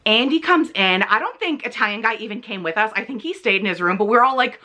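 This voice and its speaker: A woman's voice: on the high side, lively intonation, fast talker, few pauses, pushed and bright. A young woman vlogger telling a gossipy story in a casual, chatty way, acting out what people said.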